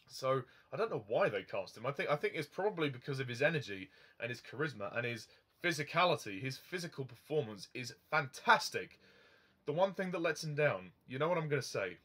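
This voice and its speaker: A man's voice: medium pitch, fairly bright tone. Rambling man reviewing films. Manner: rambling, frequent ums, chuckles at own remarks. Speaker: film reviewer. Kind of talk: casual film review monologue.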